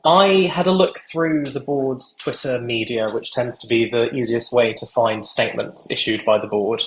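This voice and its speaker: A man asking a question at a formal meeting over a video call, speaking hesitantly with many pauses and ums. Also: mid-range voice, reverberant, a little hiss or hum, low-quality recording.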